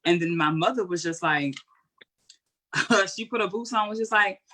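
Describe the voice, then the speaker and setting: A woman's voice: medium pitch, normal speed. A woman answering an interview question in a candid, colloquial, heartfelt way, telling stories as she goes. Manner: earnest, candid, colloquial, animated storytelling. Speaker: guest speaker.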